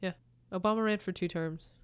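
A young adult woman co-hosts a podcast, her voice on the low side, smooth and a little fast. She chats casually and tells stories in a giggly, animated way, laughing a lot.

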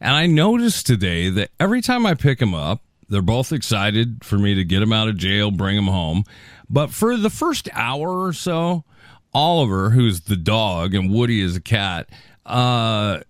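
A man hosts a casual talk show in an animated, jokey way and keeps saying "dude". His voice is low but swings widely in pitch, and the sound is dry and close. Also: a little slow, no room sound. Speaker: podcast host. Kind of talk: casual chat.

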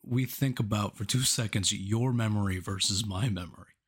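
A man's voice: on the low side, normal speed, a bit bright, husky. A young man co-hosting a podcast, trading teasing, laughing banter in casual chat. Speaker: podcast co-host.

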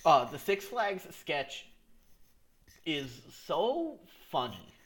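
A man with a slightly raised pitch, talking casually as a podcast co-host. He rambles through his points, laughing often and restarting sentences as he goes. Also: very animated, very slow. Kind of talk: casual chat.

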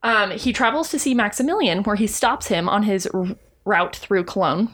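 A woman co-hosting a podcast, telling a story in a casual, animated way with frequent swearing and laughter. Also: medium pitch, moderate pace, a little hiss or hum.

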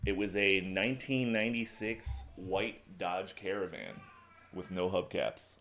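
A man's voice: low voice, fairly even intonation, measured pace, noisy background. A young man co-hosting a casual podcast, blunt and sardonic, making dry jokes. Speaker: podcast co-host. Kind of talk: casual chat.

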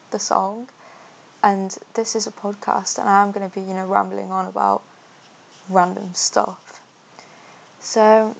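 A young woman rambling through a casual podcast monologue. She talks slowly in a fairly flat tone, with a gravelly creak at the ends of her phrases. She hesitates often and fills the gaps with "um" and "you know.". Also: medium pitch, poor audio. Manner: chatty, hesitant, self-conscious, many fillers. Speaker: podcast host.

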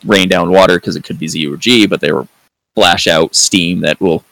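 A man's voice: low voice, steady tone, moderate pace, creaky, fairly bright tone, no echo, low-quality recording. A man hosting a podcast in casual review chat, rambling with lots of fillers and free swearing. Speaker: podcast host.

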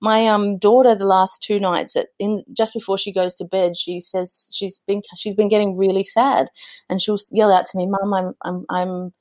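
A woman's voice: mid-range voice, flat delivery, moderate pace, darkish tone. A woman, a guest talking earnestly about motherhood in a podcast interview, with frequent restarts. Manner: earnest, many restarts and fillers. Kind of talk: conversational interview.

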